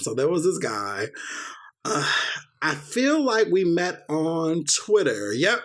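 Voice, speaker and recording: A young man hosts a podcast and tells a personal story in a loose, casual monologue. His voice sits fairly high, and he acts out the other people's lines with swearing sprinkled throughout. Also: unhurried. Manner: animated, acts out quoted dialogue, swears freely. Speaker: podcast host.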